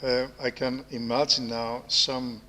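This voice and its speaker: A man's voice: medium pitch, level tone, bright, forceful tone. A man with a Greek accent hosting an interview, speaking hesitantly with frequent fillers. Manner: slow, hesitant, many fillers. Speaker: interview host, professor. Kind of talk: conversational interview. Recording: long reverb of a hall.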